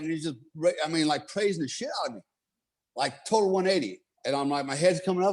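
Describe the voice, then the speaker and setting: Here his pitch is fairly high and his pace quick as he spins the long tale casually. He swears freely and repeats "you know" and "right?" a lot, staying laid-back.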